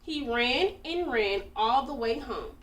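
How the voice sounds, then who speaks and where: Bright-voiced woman reading a storybook. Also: fairly high pitch, slow pace. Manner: expressive, animated storytelling. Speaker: storybook reader. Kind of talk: reading a children's picture book aloud. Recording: echoey room, distant mic.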